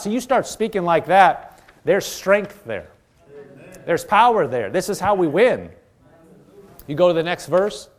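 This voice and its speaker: A man's voice: high-pitched, sing-song, moderate pace. A man preaching a sermon, earnest and exhorting, often repeating phrases and restarting his sentences.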